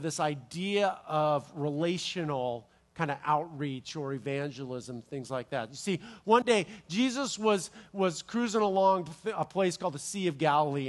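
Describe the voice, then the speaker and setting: A man with a notably high voice delivers a sermon as a lively storyteller. He jumps into playful asides, restarts his sentences and lets his excitement show. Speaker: pastor.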